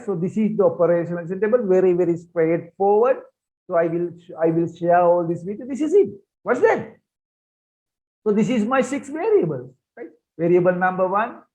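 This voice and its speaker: A man's voice: high voice, a little mellow, dull audio. A man giving an online research methods lecture, repeating points and asking rhetorical questions. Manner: repetitive, rhetorical questions, conversational teaching. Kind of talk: online lecture with shared slides.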